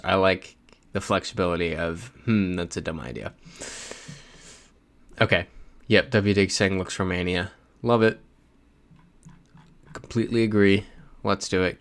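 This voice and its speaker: Man, deep voice, relaxed livestream chatter, reads out chat messages. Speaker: livestream host. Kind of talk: casual live-stream chat.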